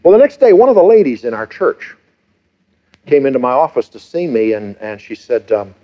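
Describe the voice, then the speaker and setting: A middle-aged man preaching a sermon, telling stories and shifting between lively and hushed delivery. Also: medium pitch, moderate pace, muffled recording. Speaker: pastor.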